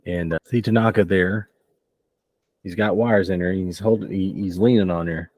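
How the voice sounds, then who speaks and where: A man's voice: low-pitched, fairly even intonation, moderate pace, a little mellow. A man running a tabletop role-playing game as game master, casual and joking, laughing often and swearing now and then.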